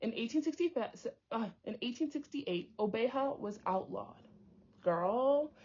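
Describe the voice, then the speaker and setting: Young woman reading a book out loud, trips on big words, goes off on tangents, kinda muffled lo-fi audio. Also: fairly high pitch, lively intonation, normal speed, husky. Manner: stumbles over hard words and breaks off into chatty tangents. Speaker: book reader and commentator. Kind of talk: reading a book aloud with casual asides. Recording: dull lo-fi audio.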